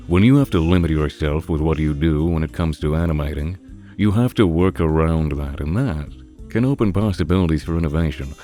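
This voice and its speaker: Deep-voiced man ranting earnestly. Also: darkish tone. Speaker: video reviewer. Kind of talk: opinionated film critique monologue.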